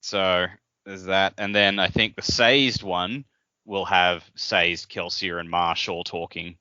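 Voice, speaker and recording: A man with a very deep voice that still cuts bright and forceful. He rambles through his thoughts in casual podcast chat. The audio is dry and muffled. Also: steady tone, takes it slowly, no room sound. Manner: rambling, acts out characters' lines in quotes. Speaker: podcast co-host.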